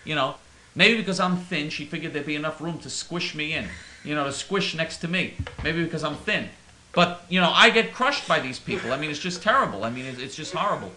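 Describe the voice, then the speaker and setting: Bright, stammering man, mock-earnest comic rant, roomy and faintly hissy. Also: fairly high pitch, expressive, brisk. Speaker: comedic caller in character. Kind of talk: comic monologue in character.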